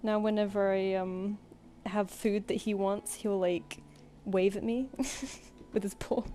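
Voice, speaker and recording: A woman's voice: mid-range voice, fairly even intonation, slow pace, dark tone, soft background music. Chatty British woman streaming from home. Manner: chatty, coos and gives commands to her cat. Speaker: artist streamer. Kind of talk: casual live-stream chat. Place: home room.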